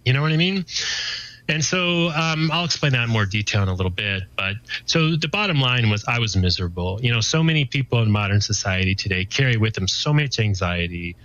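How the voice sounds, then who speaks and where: A man in his forties speaks as a guest, sharing his life story in an earnest, rambling way. He restarts his sentences often and keeps leaning on "you know." His voice sits at a middling pitch, and the recording sounds slightly dull and muffled. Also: lively intonation, a little fast, fairly bright tone. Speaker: guest giving his testimony. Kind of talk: casual personal testimony.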